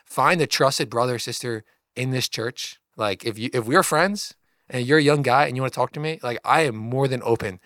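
A man's voice: mid-range voice, a little fast, fairly bright tone, dry recording, clean studio sound. A man co-hosting a church podcast, talking earnestly and encouragingly in a casual way, with many "like"s. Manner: earnest, encouraging, says "like" often. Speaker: podcast co-host.

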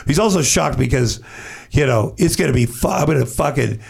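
A man telling an animated, profanity-laced anecdote as a podcast guest, acting out what others said. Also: medium pitch, brisk, creaky, slightly rough. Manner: acts out other people's lines. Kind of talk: casual storytelling.

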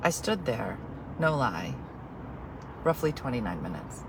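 A woman telling a comic story in an animated, exasperated way, with sarcastic asides. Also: rumbling low, a little slow, gravelly, background noise.

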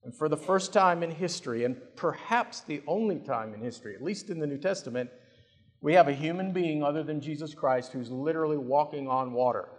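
A man preaching a sermon, telling a story in scenes with dramatic swings in loudness and dry jokes. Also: fairly high pitch, a little fast. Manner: dramatic, humorous, varies loudness. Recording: long reverb of a large hall.

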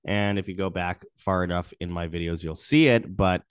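Young male host, lowish voice, dry close sound, sarcastic indignant news commentary. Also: moderate pace, clean tone, dry recording. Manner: indignant, sarcastic, reads articles aloud with asides.

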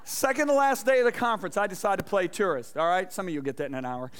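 A man preaching a lively sermon in a high, bright voice. He tells stories and acts out voices along the way, swinging from loud bursts to soft asides as he talks to the congregation. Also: fast, a little hiss or hum. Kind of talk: energetic sermon with stage demonstration. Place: church stage before a congregation.

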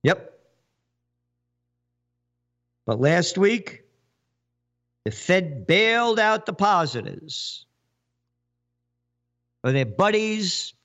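Sarcastic man in a lively rant. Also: sits high. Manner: sarcastic, mocking, wordplay. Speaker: host. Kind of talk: ranting commentary.

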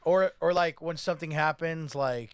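A man's voice: a little high, normal speed, clear, resonant tone, no echo. A man co-hosting a podcast, playful and goofy in casual chat, swearing for laughs. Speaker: podcast co-host.

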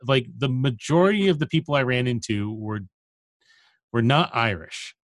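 A man co-hosting a podcast, talking casually in a measured, laid-back way. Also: medium pitch, lively intonation, no room sound, clean studio sound. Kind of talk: casual conversation.

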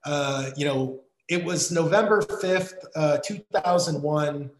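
An American man in casual conversation, talking haltingly with many fillers and restarts. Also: on the high side, echoey room, poor audio. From United States.

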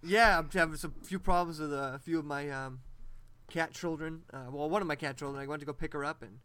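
A man's voice: on the high side, fairly even intonation, a little fast, sharp tone, clear, resonant tone. A man hosting a podcast in casual chat, laughing often and swearing loosely. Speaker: podcast host.

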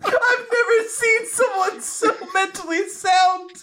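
A woman's voice: very high-pitched, fairly even intonation, slow pace, slight background noise. A woman co-hosting a casual manga review chat, giddy and laughing as she talks. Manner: laughing, giddy, half-shouting. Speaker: podcast co-host.

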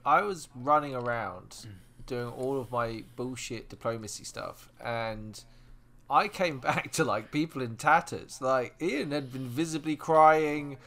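Man co-hosting a chat podcast, bright sharp voice, jokey, curses casually. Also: medium pitch. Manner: jokey, swears, fast asides. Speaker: podcast co-host.

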